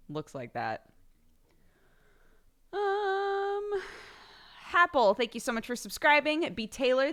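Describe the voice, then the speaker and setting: A woman's voice: a little high, fairly bright tone. A young woman chatting casually on a live stream, laughing often and swearing offhandedly.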